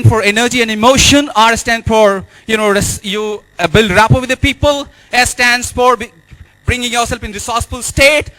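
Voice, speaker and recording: High, bright-voiced Indian motivational speaker. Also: male voice, rough recording. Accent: Indian English. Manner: energetic, repetitive, exhorting the audience. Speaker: life and business coach. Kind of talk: motivational stage speech. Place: hotel event hall.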